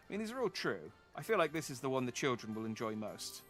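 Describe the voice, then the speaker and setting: A man's voice: medium pitch, very animated, quick pace, a bit bright. Guy streaming a game, goofy and chatty, bouncy voice, some music in back. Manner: playful, theatrical, self-mocking. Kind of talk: casual game commentary with character voices.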